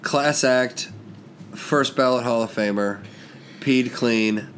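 A man's voice: mid-range voice, slow, a bit bright, slight background noise. A young man co-hosting a casual sports podcast, laughing and swearing freely as he roasts players. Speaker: podcast co-host. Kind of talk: casual comedic roast chat.

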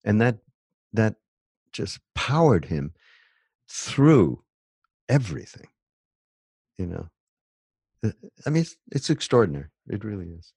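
A man in a casual spiritual conversation, speaking haltingly and searching for words with many restarts. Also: lowish voice, sing-song, gravelly, darkish tone, breathy edge, no echo.

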